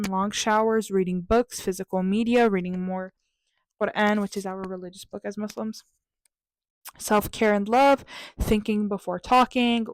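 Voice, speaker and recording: A woman's voice: mid-range voice, no echo. A young woman vlogger talking casually and upbeat through her journal pages, with a chatty, self-mocking manner.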